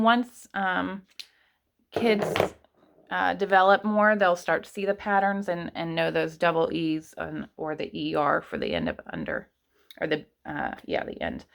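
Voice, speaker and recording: A woman's voice: fairly low pitch, creaky, a bit bright. A woman teaching kindergartners online, patiently stretching words out sound by sound. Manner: patient, speaks slowly to children. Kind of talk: online lesson for young children.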